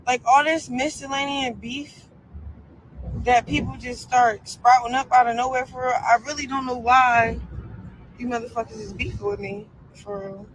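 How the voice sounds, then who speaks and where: A woman's voice: fairly high pitch, a little hiss or hum, poor audio. A young woman ranting on a live stream, defiant and profane, full of fillers. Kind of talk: casual live-stream rant.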